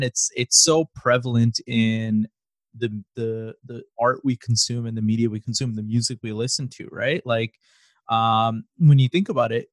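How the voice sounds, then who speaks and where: A man's voice: medium pitch, no echo. A man co-hosting a podcast in casual chat, rambling along with many fillers and restarts. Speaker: podcast co-host.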